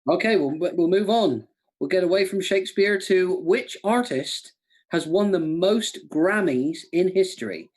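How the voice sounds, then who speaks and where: A man co-hosting a casual online quiz from home, chatty and jokey, reading each question slowly and repeating it. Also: high voice, lively intonation, darkish tone. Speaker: quiz co-host. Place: home room by a window.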